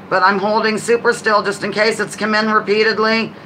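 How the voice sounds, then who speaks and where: A woman hosting a live trivia game on a stream, chatting casually, greeting viewers by name and reading each question out slowly. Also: mid-range voice, a bit bright, slight background noise, low-quality recording. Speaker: livestream host.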